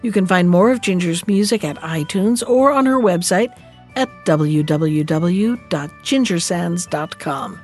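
A woman host reading a fairy tale aloud in a calm, measured storybook manner. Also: lowish voice, faint music behind.

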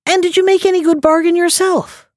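A woman's voice: very high-pitched, little pitch movement, a little fast, no echo, clean studio sound, pitched above the performer's own voice. A woman voicing a cunning male swindler in a storybook reading, speaking with put-on astonishment. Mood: mock-astonished.

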